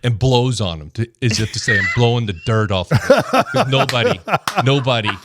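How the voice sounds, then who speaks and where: Animated man telling stories. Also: mid-range voice, a little fast, slight background noise. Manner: animated storyteller, acts out quotes. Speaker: podcast guest, former football lineman. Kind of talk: casual storytelling.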